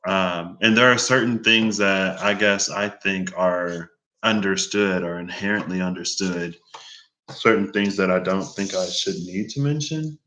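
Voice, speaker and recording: A man's voice: low voice, measured pace, pushed and bright. A man talking casually to camera in a rambling vlog monologue, drifting between thoughts and acting out conversations. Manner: chatty, meandering, quotes others in raised voice. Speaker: vlogger.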